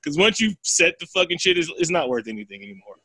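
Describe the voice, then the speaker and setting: Male co-host, slightly high and bright, dry close sound, rambling profane storyteller. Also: fast, slightly rough, dry recording. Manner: animated, profane storytelling with acted quotes. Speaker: podcast co-host. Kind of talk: casual chat, retelling a film plot.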